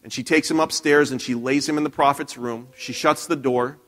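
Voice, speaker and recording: A man's voice: mid-range voice, fairly even intonation, brisk, fairly bright tone. A man preaching a sermon in a church, telling a Bible story conversationally with frequent restarts and questions to the congregation. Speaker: pastor.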